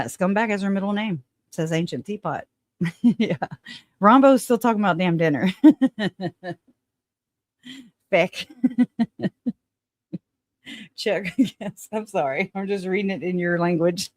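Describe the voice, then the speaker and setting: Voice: mid-range voice, no echo, clean studio sound. A livestream host chatting casually and bluntly, reading out viewer comments, swearing and laughing often.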